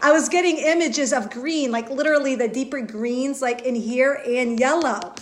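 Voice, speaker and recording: Woman host, slightly high voice, earnest and halting, live spiritual reading to viewers. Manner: earnest, repetitive, halting with fillers and restarts. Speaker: intuitive reader and host.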